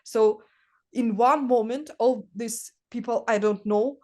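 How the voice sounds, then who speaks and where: Woman telling stories haltingly. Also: a little high, mellow. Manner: halting, searching for words, many fillers. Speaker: guest artist. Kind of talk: casual conversational storytelling.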